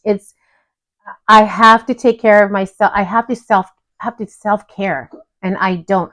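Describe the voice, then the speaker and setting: A budgeting vlogger with a mid-range voice chats through her personal goals at home while dogs are close by. Her delivery is casual and apologetic, full of restarts, and the recording is dry and rough.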